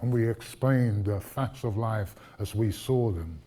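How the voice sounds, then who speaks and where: Husky, mellow-voiced man lecturing. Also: on the low side, measured pace. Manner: conversational, recounting anecdotes with asides to the audience. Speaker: guest lecturer. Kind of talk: public lecture, storytelling.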